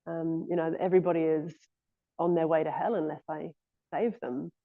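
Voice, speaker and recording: A woman gives a relaxed scripture class, pausing often with soft fillers as she gathers her thoughts. Her voice stays fairly flat and even in pitch. The audio is thin and phone-like. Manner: hesitant, frequent "um" and "yeah" fillers. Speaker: guest speaker giving a scripture class. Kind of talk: informal scripture class talk. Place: temple class room.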